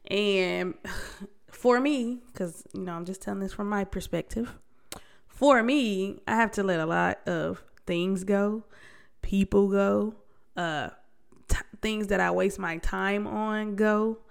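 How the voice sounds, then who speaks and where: A woman's voice: medium pitch, slow pace, gravelly, clear, resonant tone. A young adult woman hosting a solo podcast, talking candidly in a slangy, conversational way with frequent restarts. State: congested. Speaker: podcast host. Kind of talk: casual solo podcast talk.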